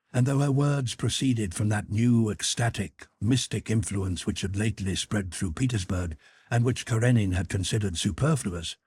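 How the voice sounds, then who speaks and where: Husky male audiobook narrator. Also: sits low, darkish tone, no echo, clean studio sound. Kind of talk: scripted narration.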